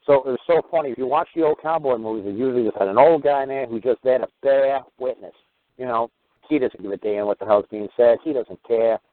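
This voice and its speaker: A man's voice: mid-range voice, fast, no echo. A man hosting a radio talk show, telling long rambling stories and acting out what others said. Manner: rambling, animated storytelling with acted-out quotes. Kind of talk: casual call-in radio talk. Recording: tinny phone-line audio.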